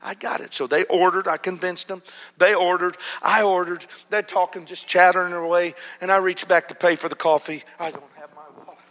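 A man preaching a storytelling sermon, dropping to a hush and then rising loud and animated. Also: high voice, a little fast. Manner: animated, swings from hushed to loud. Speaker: pastor. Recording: long hall reverb.

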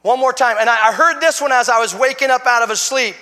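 A middle-aged man giving an emotional sermon testimony as a guest speaker, swinging from hushed to shouting. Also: extremely high pitch, fast talker, long reverb tail.

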